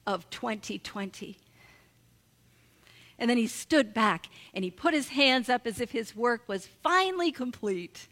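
A middle-aged woman, a mother, telling a heartfelt personal story about her son with soft pauses. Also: mid-range voice, lively intonation, big-room sound. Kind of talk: reflective personal testimony.

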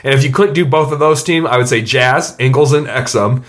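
Male podcast co-host, casual sports chat, lively asides. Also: medium pitch, a little fast.

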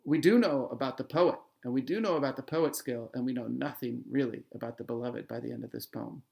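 A man explaining a poem in a playful, animated way in conversation, then reading verse slowly. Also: mid-range voice, vocal fry. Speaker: literature scholar. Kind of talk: conversational discussion and poetry reading.

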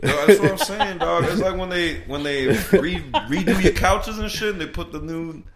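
A man's voice: a little high, moderate pace, over a noisy crowd. A man chatting on a podcast, swearing freely and laughing a lot. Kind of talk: casual podcast banter.

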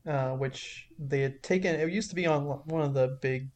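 A man's voice: on the high side, moderate pace, darkish tone. A man co-hosting a podcast in casual chat, easygoing, often answering in brief replies. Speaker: podcast co-host.

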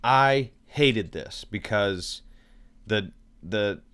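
A man's voice: on the low side, animated, drawn-out words, a bit bright, clear, resonant tone. Rambling casual male podcast co-host. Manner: rambling, self-deprecating, tries joke accents. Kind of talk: casual chat.

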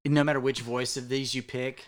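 A man's voice: mid-range voice, flat delivery, fairly quick. A man co-hosting a casual podcast about role-playing games, adding wry, agreeable asides. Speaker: podcast co-host.

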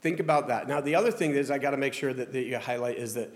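A male pastor with a Southern American accent talks fast in a mid-range voice during a sermon in a church sanctuary. His preaching is conversational and self-deprecating, with frequent restarts, and the hall carries a long reverb.

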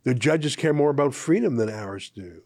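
A man's voice: mid-range voice, lively intonation, normal speed, darkish tone, no room sound, studio quality. A man from Canada hosting an opinion commentary show, talking in a sarcastic, mocking and emphatic way.

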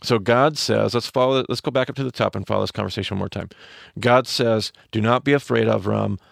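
A man's voice: mid-range voice, quick pace, vocal fry, no echo, clean studio sound. A man hosting a podcast, teaching the Bible, explaining with restarts and fillers and speeding up in asides.

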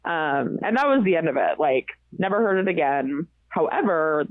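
A woman's voice: low voice, normal speed, dry recording. Woman telling a ghost story over a tinny line. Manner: lively, laughs often, fillers like "like" and "um". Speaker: guest telling ghost stories. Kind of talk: casual storytelling. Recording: tinny phone-like, dry.

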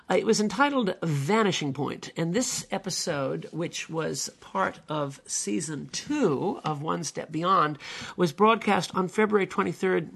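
A man's voice: a little high, creaky, fairly bright tone, husky. A man in his seventies hosting a solo podcast, retelling a television episode in an earnest, emphatic way with many hesitations. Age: 70s. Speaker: podcast host.

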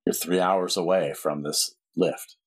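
Male game master, very low and husky, plain easygoing narration. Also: fairly even intonation, unhurried.

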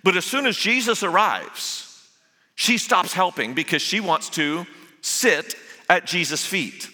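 Male guest preacher, bright and fairly high, humorous storyteller, long hall reverb. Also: animated, unhurried. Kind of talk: sermon. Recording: echoey hall.

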